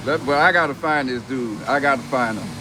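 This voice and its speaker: This young man, a reality TV personality, talks a little fast in a mid-range voice while reading comments on a casual livestream, mocking them profanely and brashly and laughing between lines. The background is noisy.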